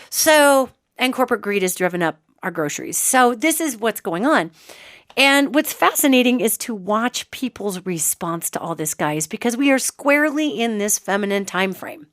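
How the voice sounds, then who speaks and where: Woman host, fairly high voice, conversational monologue with sarcastic asides, dry close sound. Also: expressive, normal speed, fairly bright tone, dry recording. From United States. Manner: chatty, emphatic, sarcastic asides. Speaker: host and psychic. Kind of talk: casual monologue.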